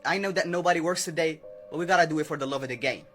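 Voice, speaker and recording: A man's voice: a little high, rapid-fire, fairly bright tone, faint music behind, lightly acted. A man voicing a famous young female wedding singer who is polite but reluctant, stammering as she hedges. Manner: hesitant, stammering.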